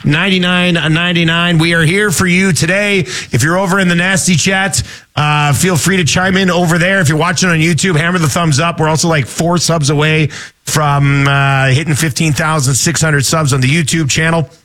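Chatty sports radio host. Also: male voice, on the high side, fairly even intonation, fairly bright tone. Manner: chatty, quick, reads listener texts. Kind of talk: morning sports talk radio. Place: radio studio.

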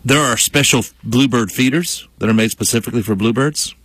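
A man's voice: medium pitch, brisk, a bit bright, no room sound. A man co-hosting a local morning radio show, chatting casually and upbeat, often trailing off mid-sentence. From Western North Carolina. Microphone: studio microphone. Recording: dry close studio sound.

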